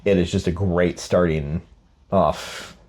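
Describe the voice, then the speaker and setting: A man with a very low voice talks through his past in a relaxed podcast chat. He is reflective and unhurried. He comes from Scotland. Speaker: podcast co-host and guest. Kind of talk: casual podcast conversation.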